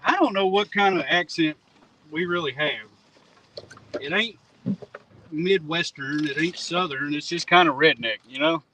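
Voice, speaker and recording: Man, fisherman, plain-spoken folksy talk, slightly high pitch, noisy boat outdoors. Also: a little slow, pauses often, sharp tone. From Mississippi River region near St. Louis. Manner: laid-back, plain-spoken, folksy grammar. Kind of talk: casual chat while fishing.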